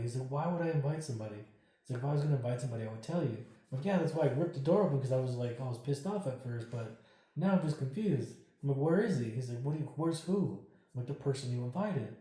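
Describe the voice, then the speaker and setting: A man telling a ghost story as an interview guest, acting out the dialogue and swearing freely. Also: medium pitch. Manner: animated, acts out quoted dialogue, swears freely. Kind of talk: casual storytelling. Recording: very echoey room.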